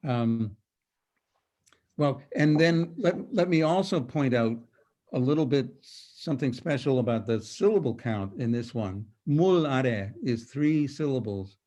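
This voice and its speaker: An older man giving a poetry lecture over a video call, reading verses slowly and dramatically before explaining them. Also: medium pitch, expressive, warm tone.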